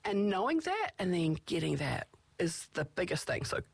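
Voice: mid-range voice, big pitch swings, normal speed, creaky, slightly rough, no echo. A speaker in casual advice talk, candid and reflective, giving self-advocacy tips in long rambling phrases.

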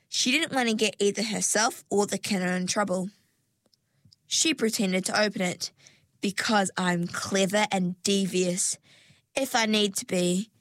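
A woman reading a children's story aloud in a measured storytelling manner. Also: medium pitch, a bit bright, no room sound. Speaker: narrator.

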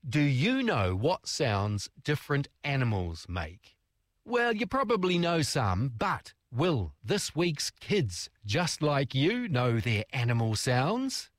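A man's voice: medium pitch, big pitch swings, slow, no room sound. Nz guy on kids radio, super encouraging, voice going all over the place up and down. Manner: encouraging, enthusiastic with young children. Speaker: children's radio presenter. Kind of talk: cheerful kids' vox-pop interview.

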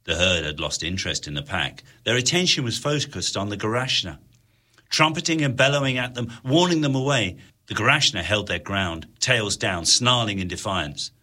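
Husky, expressive male narrator. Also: on the low side, normal speed. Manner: expressive, dramatic storytelling. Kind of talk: audiobook narration.

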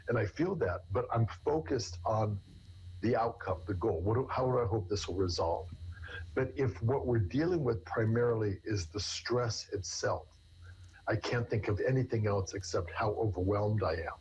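A man's voice: on the low side, moderate pace, a little mellow, dull audio, a little hiss or hum. A man, a therapist, explaining in conversation with everyday examples in an earnest way. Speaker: therapist guest. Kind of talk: conversational interview answers.

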